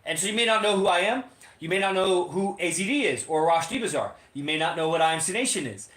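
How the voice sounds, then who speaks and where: Speaking from his Las Vegas home, this podcast co-host has a high-pitched, expressive voice that's fast and a bit bright. His casual livestream monologue rambles, swears, and leans heavily on fillers, all heard with a roomy echo.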